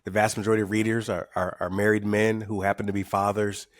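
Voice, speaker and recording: A middle-aged man, talking in a podcast interview. His voice sits low and is recorded close and dry, with no room around it. He tells stories candidly, often repeating words as he builds up energy. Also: little pitch movement, fast talker, dry recording. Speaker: guest, author and speaker.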